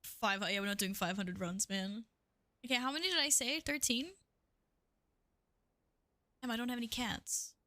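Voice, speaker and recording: A woman's voice: fairly high pitch, moderate pace, long pauses, pushed and bright, no room sound. A woman game streamer chatting casually with her viewers while playing, giggly and talkative. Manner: chatty, giggly, talks to chat and herself. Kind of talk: casual live-stream chat while gaming.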